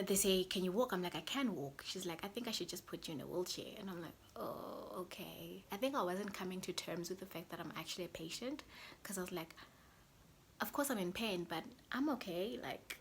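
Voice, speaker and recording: A young woman vlogger telling a personal story in a chatty way, often dropping to a soft whisper. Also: lowish voice, a little hiss or hum. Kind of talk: casual storytelling to camera.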